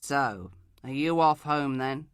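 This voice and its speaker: A man's voice: mid-range voice, slow pace, a bit bright, clean tone, no echo, clean studio sound. A woman voicing a smug, hostile male detective colleague who taunts and belittles. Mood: sneering.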